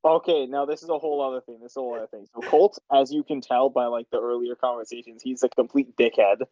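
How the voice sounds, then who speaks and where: A man's voice: medium pitch, fairly even intonation, fast, mellow, no echo, highs cut off. A man directing a voice session, rambling and laughing as he explains the scenes. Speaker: machinima director and writer. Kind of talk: casual directing chat.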